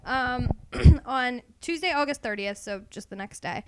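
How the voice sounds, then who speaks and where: A woman hosting a casual podcast, telling a true crime story with frequent laughter and an animated manner. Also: on the high side, unhurried, clear, resonant tone. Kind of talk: casual chat.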